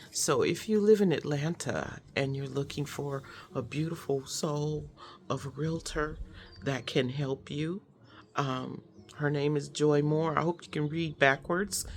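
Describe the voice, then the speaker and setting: A woman hosting a personal vlog, speaking in an effusive, emotional way with many fillers. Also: deep voice. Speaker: host. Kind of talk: heartfelt personal vlog chat.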